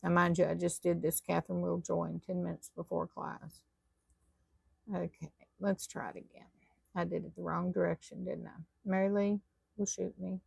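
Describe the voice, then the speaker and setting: A woman's voice: lowish voice, level tone, moderate pace, creaky, slightly rough, dry recording. A woman teaching a live online tatting class, chatty and self-deprecating as she talks viewers through her work.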